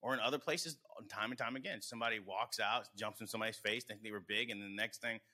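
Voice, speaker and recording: A middle-aged American man chatting on a podcast, telling profane, animated stories. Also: fairly low pitch, fast talker. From United States. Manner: profane storytelling, quotes himself animatedly. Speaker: podcast guest. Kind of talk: casual podcast chat.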